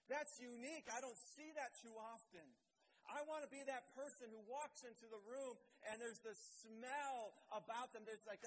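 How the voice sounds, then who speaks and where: A man's voice: very high-pitched, moderate pace, a little hiss or hum, low-quality recording. A man pastor preaching a sermon with an impassioned, repetitive cadence, leading into prayer. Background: music.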